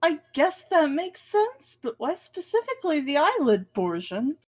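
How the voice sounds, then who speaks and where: A woman's voice: sits high, very animated, measured pace, no room sound. A woman playing a tabletop game, musing wryly in casual chat. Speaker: player.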